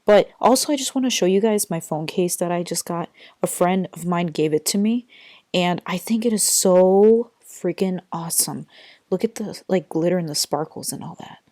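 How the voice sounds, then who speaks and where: A woman's voice: lowish voice, expressive, normal speed, mellow, dry recording. A young woman vlogging casually from her bedroom, chatty and rambling with lots of fillers, tired, recorded on a built-in computer mic. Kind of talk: casual unboxing vlog.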